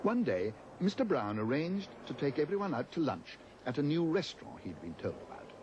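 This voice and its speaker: A man reading a children's storybook aloud as narrator, gentle and expressive. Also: a little high, brisk, background noise.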